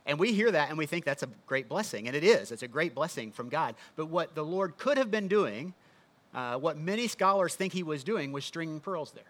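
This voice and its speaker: A man's voice: fairly high pitch, animated, fairly quick, fairly bright tone. A man preaching a sermon in a conversational teaching manner, often asking the listeners rhetorical questions. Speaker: pastor.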